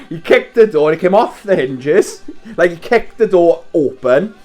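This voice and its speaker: A man's voice: on the high side, expressive, normal speed, darkish tone, faint music behind. A Welsh man in his thirties telling a rambling story in casual chat, swearing and laughing as he wraps presents at home. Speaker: vlogger.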